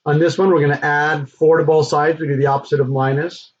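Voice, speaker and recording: A man teaching a recorded math lesson, talking through the steps in a relaxed, conversational way with frequent fillers. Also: fairly high pitch, fairly quick, slight background noise. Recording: dull lo-fi recording.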